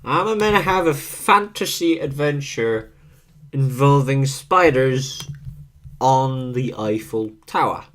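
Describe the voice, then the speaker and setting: A man thinking aloud in a halting, musing way as he rolls dice and invents characters for a video. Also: mid-range voice, lively intonation, fairly bright tone. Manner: musing, halting, self-correcting. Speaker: video creator.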